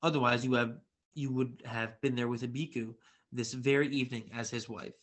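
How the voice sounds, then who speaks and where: A man's voice: medium pitch, fairly even intonation, normal speed, close to an everyday voice. Man reading as a curt teenage warrior boy. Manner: curt, dismissive. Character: brash proud teenage boy, would-be warrior.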